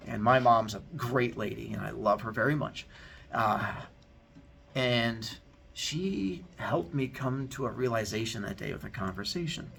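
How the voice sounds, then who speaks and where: A man's voice: mid-range voice, unhurried, vocal fry, fairly bright tone. A male teacher giving a heartfelt, candid talk to his students, telling a personal story in an earnest way.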